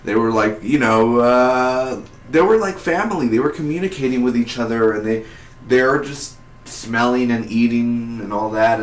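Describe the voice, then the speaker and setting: A man giving a casual spoiler review of a TV episode, talking in an excitable, rambling way with lots of fillers and restarts. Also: mid-range voice. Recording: echoey room.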